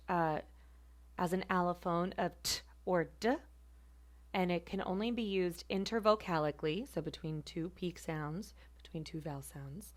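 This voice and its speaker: A woman teaching a phonetics class, speaking deliberately and repeating example words slowly to demonstrate them. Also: lowish voice. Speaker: phonetics instructor. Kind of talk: recorded lecture demonstration.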